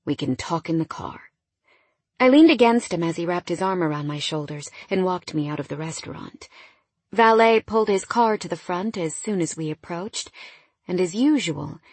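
Woman narrator for first-person romance; soft, breathy, slightly low voice, dry recording. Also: no room sound. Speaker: audiobook narrator.

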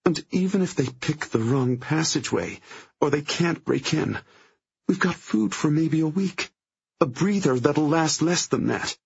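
A man voicing a desperate, worn-out young woman explorer who speaks in a thin, halting, quiet voice. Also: mid-range voice, expressive, vocal fry, husky, highs cut off, pitched above the performer's own voice, exaggerated voice. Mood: distraught.

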